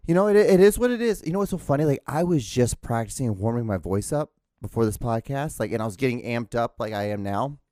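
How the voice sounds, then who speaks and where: A man rants casually into a podcast mic at home, stammering and restarting as he goes. His talk is loose and profane, delivered at a middling pitch. The sound is dry and close, with no room echo. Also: lively intonation, fast talker, hardly any pauses, warm tone. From outside the United States. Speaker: podcast host. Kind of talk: casual solo podcast rant. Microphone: podcast microphone.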